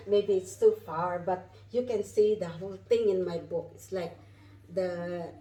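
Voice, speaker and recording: A woman's voice: mid-range voice, measured pace, mellow, reverberant, far from the mic, soft background music, poor audio. A woman vlogging from inside a moving car, effusive and spiritual, often asking her viewers "isn't that wonderful". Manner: effusive, repeats questions to viewers. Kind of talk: spiritual travel vlog.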